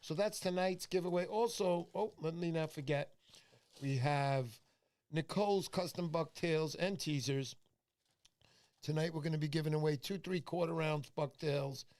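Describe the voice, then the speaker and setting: A man hosts a casual livestream, telling stories in loose rambling bursts full of fillers. His voice sits fairly high for a man. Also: normal speed, darkish tone. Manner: rambling storyteller with many fillers. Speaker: livestream host. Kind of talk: casual live-stream chat.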